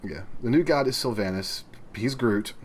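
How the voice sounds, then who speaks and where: A man co-hosting a casual gaming podcast, rambling in a relaxed way with plenty of fillers. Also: mid-range voice, normal speed, slight background noise. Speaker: podcast co-host.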